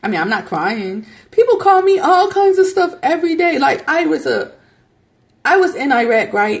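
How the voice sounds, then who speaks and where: A young American woman in her thirties hosting a podcast, talking casually and animatedly, often laughing and jumping into high mock voices when she quotes people. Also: gravelly. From United States. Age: young adult. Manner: animated, mimics others in high squeaky voices. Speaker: podcast host. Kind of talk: casual opinion monologue.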